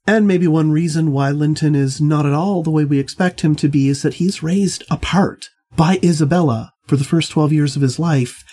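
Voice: medium pitch, mellow, husky. An instructor leading a literature seminar, speaking thoughtfully with frequent restarts and hedges.

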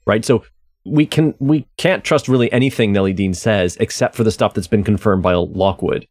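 A man's voice: fairly low pitch, normal speed, darkish tone, no echo. A man discussing a novel casually and frankly, then reading passages from it aloud. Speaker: discussion participant.

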